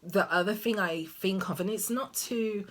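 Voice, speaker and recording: A woman's voice: mid-range voice, moderate pace. A young woman vlogging casually about parenting, rambling and hesitant with many ums and restarts. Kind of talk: casual chat to camera.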